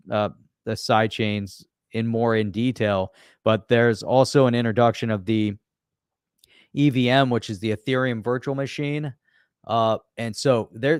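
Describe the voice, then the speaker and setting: Man, co-host, upbeat, smooth resonant voice, dry close sound. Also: mid-range voice, no room sound. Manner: upbeat, hypes the topic, filler-heavy. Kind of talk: casual chat.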